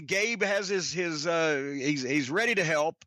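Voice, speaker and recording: A man with a high, bright voice tells long, rambling stories packed with swearing. He sounds close and dry, with no room around him, in a loose, casual podcast delivery. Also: expressive, takes it slowly, no echo. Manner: profane, rambling anecdotes. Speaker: podcast host. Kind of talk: casual storytelling.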